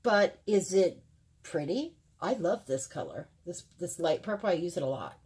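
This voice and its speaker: A woman's voice: lowish voice, big pitch swings, normal speed, darkish tone, slightly rough. A middle-aged woman chatting casually to her viewers as she compares two makeup palettes, rambling with many fillers. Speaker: beauty vlogger. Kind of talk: casual makeup review to camera. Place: home filming room.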